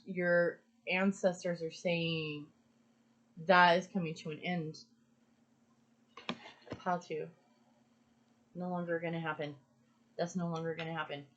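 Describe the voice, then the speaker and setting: A woman's voice: lowish voice, lo-fi sound. A woman giving an earnest, emphatic pick-a-card reading, repeating phrases for stress. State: emotional. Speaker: tarot card reader.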